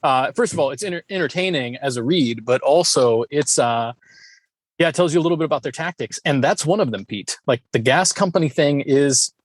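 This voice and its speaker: Podcast guy with a kinda high voice, chatty and laughy, dry close sound. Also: brisk, no echo. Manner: animated storyteller, laughs often. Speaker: podcast co-host. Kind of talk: casual podcast chat.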